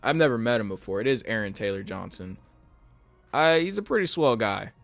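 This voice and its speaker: A man's voice: fairly low pitch, animated, fairly quick, vocal fry, no echo, faint music behind. A man giving a casual spoken film review in a weary, rambling way, with many fillers and restarts. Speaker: YouTube movie reviewer.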